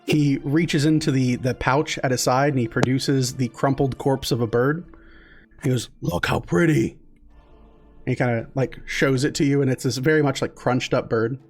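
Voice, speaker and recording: A man narrating as game master in a tabletop game, with relaxed narration full of fillers. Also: mid-range voice, normal speed.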